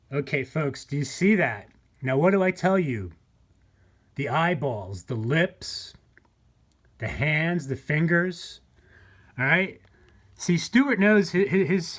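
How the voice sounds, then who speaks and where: A man hosting his own conspiracy channel talks to viewers in a rambling, repetitive monologue, often restarting and calling them "folks." His voice is a little high and a bit bright.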